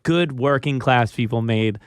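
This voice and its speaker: A man with a Philadelphia accent, a guest on a radio talk show, chatting casually and pausing often with ums and restarts. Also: mid-range voice, clear, resonant tone, dry recording, studio quality. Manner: hesitant, many ums and restarts. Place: radio studio.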